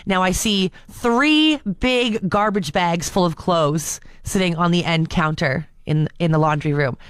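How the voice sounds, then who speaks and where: A woman's voice: on the low side, a little slow, clean tone, no echo, clean studio sound. A young woman co-hosting a casual podcast, telling a story with frequent laughs and restarts. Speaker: co-host. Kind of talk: casual chat.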